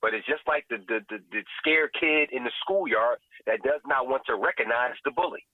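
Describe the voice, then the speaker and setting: A man's voice: mid-range voice, moderate pace, dry recording. A man, a guest who runs a vegan restaurant, speaking in passionate, preachy podcast commentary and often asking "you know what I'm saying?". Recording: tinny phone-like line, dry.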